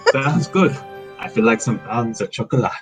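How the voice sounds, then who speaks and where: A man's voice: mid-range voice, fairly bright tone, rough recording. A man chatting and joking casually while playing through a game with a friend. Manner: joking, laughing between lines. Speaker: let's play co-player. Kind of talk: casual chat over a game.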